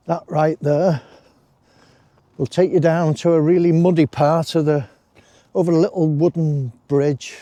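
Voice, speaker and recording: Out walking in a wooded park, a man vlogs his way along in easygoing, rambling commentary sprinkled with friendly side remarks. He has a mid-range, dark-toned voice, captured in a dry recording.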